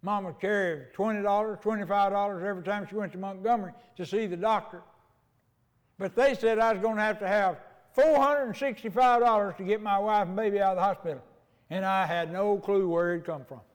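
Folksy older preacher, high voice. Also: male voice, steady tone, brisk, clear, resonant tone, in a large hall. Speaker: pastor. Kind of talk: sermon.

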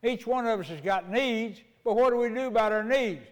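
A man's voice: very high voice, brisk, long reverb tail. An older man preaching a sermon as pastor, telling homespun stories in a folksy way.

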